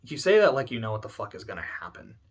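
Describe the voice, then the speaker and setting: A man voicing a grim young male hero who speaks in a flat, resolved way. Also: fairly low pitch, quick pace, breathy edge.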